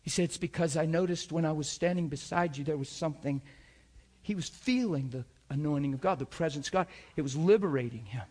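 Animated preaching man, story-driven. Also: a little fast. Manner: animated storyteller acting out dialogue, pitch jumping up when excited. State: crying while retelling. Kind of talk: sermon storytelling.

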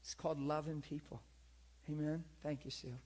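At a normal speed, a male pastor and teacher gives an animated, earnest church lesson. He mimics people in high pleading voices, says things more than once, and keeps seeking his listeners' agreement.

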